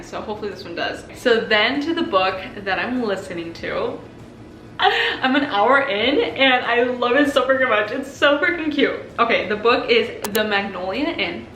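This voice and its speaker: A young woman chatting gushingly about books on her vlog, quick to laugh and sigh. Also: medium pitch, a bit bright. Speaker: book vlogger. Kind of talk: casual vlog chat. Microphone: compact camera. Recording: echoey room with faint noise.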